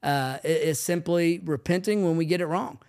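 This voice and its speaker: A man co-hosting a podcast, telling family stories in a lively casual chat. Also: a little high, moderate pace. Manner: animated storyteller acting out quoted family lines. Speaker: podcast co-host, family ministry leader.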